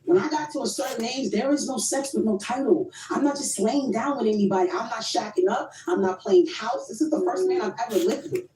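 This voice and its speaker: Woman, high voice, emphatic, assertive, casual debate, echoey room, crowd chatter behind. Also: animated, brisk, few pauses, far from the mic. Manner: emphatic, assertive, repeats herself for stress.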